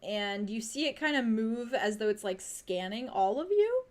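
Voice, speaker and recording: A young adult woman serving as game master, narrating a tabletop game with unhurried, vivid scene-setting. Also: on the high side, big pitch swings, a little mellow.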